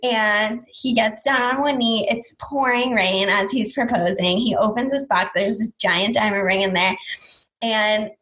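A woman's voice: medium pitch, measured pace, low-quality recording. A young woman telling a personal story in casual chat, talking in a chatty way with lots of fillers and quoting what people said. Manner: chatty, lots of "like", animated retelling with quoted voices.

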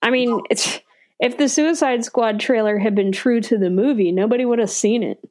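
A woman's voice: a little high, normal speed, a little mellow. A woman co-hosting a podcast in casual chat, blunt and laughing easily. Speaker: podcast co-host.

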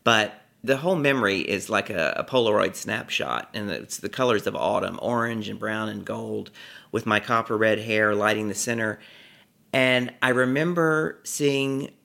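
A middle-aged man from Texas tells a personal story with a storyteller's flair. His voice is gravelly and sharp-edged. He savors each phrase and plays it for a laugh. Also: lowish voice, moderate pace. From Texas, USA. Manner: lively, theatrical, savors words. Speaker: comedic storyteller, author. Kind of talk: vivid personal storytelling in an interview.

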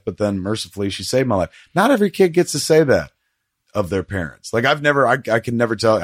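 With a fairly low pitch and a dry, studio-quality recording, a middle-aged podcast host tells stories in casual conversation. He rambles and curses, acting out what others said with lively quoted voices.

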